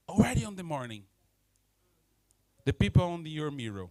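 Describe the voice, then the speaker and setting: A male preacher giving an animated sermon, acting out everyday scenes in non-native English. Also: a little high, normal speed, pauses often, no echo, low-quality recording. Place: church.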